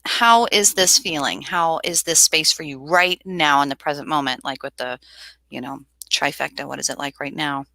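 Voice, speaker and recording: A woman's voice: sits low, normal speed, gravelly, dry recording. A woman hosting a casual tarot livestream, chatting animatedly, laughing and reading viewers' comments aloud. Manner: animated, reads chat aloud, laughs often.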